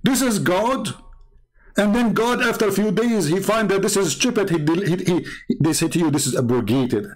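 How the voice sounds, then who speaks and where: Mocking man with a fairly high voice. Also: normal speed. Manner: mocking, emphatic, sarcastic. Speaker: host. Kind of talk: livestream commentary.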